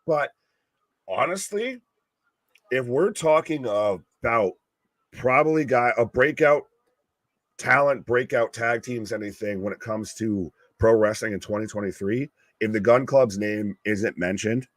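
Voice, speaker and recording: A young man co-hosting a live wrestling stream, reacting with swearing, jokes and sudden loud outbursts. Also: medium pitch, measured pace, dry recording. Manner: animated, profane, jokey reactions. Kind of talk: casual live-stream commentary.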